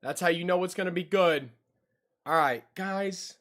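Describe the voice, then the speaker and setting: A man's voice: high voice, moderate pace, a bit bright. A young man chatting casually to his livestream audience, repeating himself and easily spooked. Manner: talks straight to chat, repeats his lines, easily spooked. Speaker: streamer.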